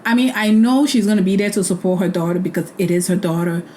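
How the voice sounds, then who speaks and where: A woman's voice: fairly low pitch, flat delivery, fast, darkish tone, a little hiss or hum, low-quality recording. A young woman hosting a casual recap, talking bluntly and opinionated. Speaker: host.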